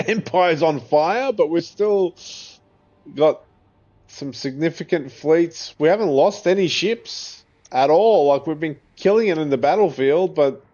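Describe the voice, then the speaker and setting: On the high side and a little mellow, the voice here is an Australian man's as he gives casual, chatty gameplay commentary for his gaming videos. He laughs often and swears freely, and the slightly dull recording has faint game music.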